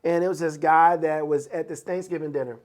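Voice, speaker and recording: A podcast co-host reflects aloud in a relaxed motivational chat. The tone is conversational and thoughtful, with frequent little fillers as ideas take shape. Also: mid-range voice, brisk.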